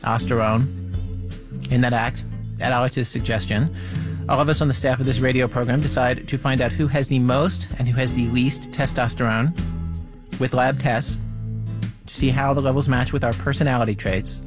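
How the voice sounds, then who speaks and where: A man's voice: mid-range voice, steady tone, normal speed. A man hosting a radio show, narrating its opening in a conversational, wry way. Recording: music bed underneath.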